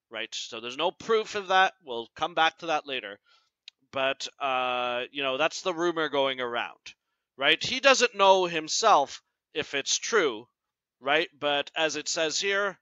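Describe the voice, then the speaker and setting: A male teacher giving a recorded class lecture, explaining slowly and ending nearly every point with "right?". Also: a little high, expressive, sharp tone, dry recording. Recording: dull lo-fi sound.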